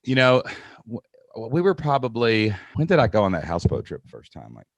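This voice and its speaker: A man hosting a podcast, telling a story casually, swinging between loud bursts and quiet asides. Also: mid-range voice, very animated, a little fast, no room sound. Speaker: podcast host. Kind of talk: casual conversation.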